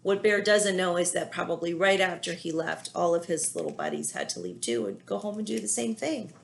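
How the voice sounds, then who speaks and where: A woman teacher reading a children's picture book aloud, pausing often to gently explain feelings to young listeners. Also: lowish voice, big pitch swings, vocal fry, slight background noise. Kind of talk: children's read-aloud with commentary.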